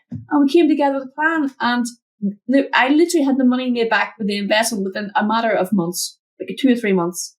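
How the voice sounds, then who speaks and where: A woman mentor, a guest in an interview, telling a personal story from her home office over a video call, acting out the voices in it. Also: brisk. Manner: animated, acts out quotes with big pitch jumps.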